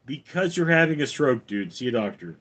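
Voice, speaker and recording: A man hosting a live stream, giving dry, deadpan answers to chat messages. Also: mid-range voice, a little fast. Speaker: livestream host reading chat.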